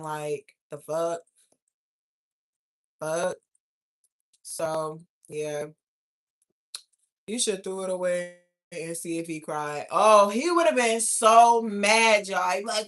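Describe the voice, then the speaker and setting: Bright-voiced blunt woman streamer. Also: mid-range voice, moderate pace. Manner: blunt, profane, animated storytelling. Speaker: livestream host. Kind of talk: casual livestream chat reading comments.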